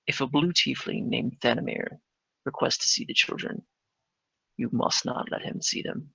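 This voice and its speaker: A man in a whispered role-play, voicing a character who quietly warns of danger in a low, urgent hush. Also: unhurried, creaky, husky, no room sound, heavily acted, rough recording. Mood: hushed warning. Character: hushed man giving a grave warning.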